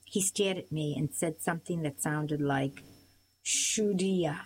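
A woman narrating a storybook in the first person with a steady, measured reading. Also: low voice, a little hiss or hum, rough recording. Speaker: audiobook reader.

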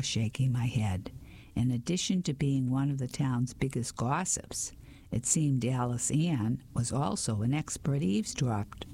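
A man reading a mystery novel aloud in a hushed whisper, with small slips. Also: mid-range voice, breathy edge. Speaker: reader. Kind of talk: whispered storybook narration.

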